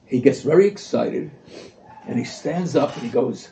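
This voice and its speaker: A man giving an animated storytelling speech at a community event, acting out the voices he quotes. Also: fairly high pitch, moderate pace, vocal fry. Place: event hall. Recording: echoey room, far from mic, dull lo-fi.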